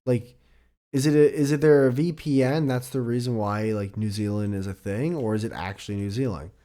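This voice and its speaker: A man's voice: medium pitch, fairly quick, mellow. A middle-aged man hosting a solo podcast, rambling casually with a lot of swearing and self-deprecating jokes. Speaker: podcast host.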